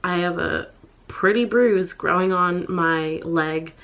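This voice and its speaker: A young woman vlogging in a halting, upset way, full of pauses and fillers. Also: lowish voice, gravelly, a bit bright, lo-fi sound. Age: young adult. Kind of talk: personal confessional vlog.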